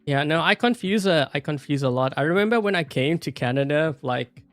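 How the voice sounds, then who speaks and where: Speaking with a South African accent, this gameplay YouTuber rambles casually through his commentary, full of fillers and frequent laughter. He sounds animated and brisk, his voice on the high side. There's no room sound, only soft background music.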